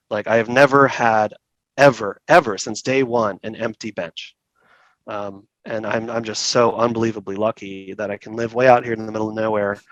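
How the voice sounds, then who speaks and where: Low-voiced chatty man telling stories. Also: no echo, dull audio. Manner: relaxed, chatty, laughs often, acts out quoted people. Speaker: saxophone repair technician, guest. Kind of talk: casual storytelling interview.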